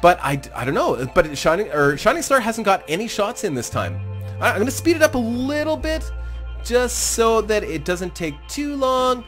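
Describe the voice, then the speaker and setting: An animated man running a game tournament channel, talking casually and a little self-deprecating as he commentates. His voice sits a bit high and swings widely in pitch. Faint game music plays under his voice. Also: normal speed. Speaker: gaming YouTuber hosting a tournament.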